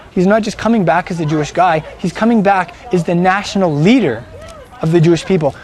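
A man's voice: sits high, a little mellow, slight background noise. A man preaching a sermon, emphatic and fond of rhetorical questions.

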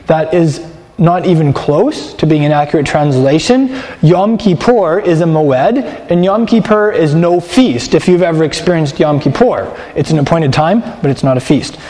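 A man's voice: a little high, lively intonation, a little mellow, big-room sound. A man teaching a sermon in a conversational way, often stopping and restarting his phrases. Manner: conversational, halting with repeated restarts.

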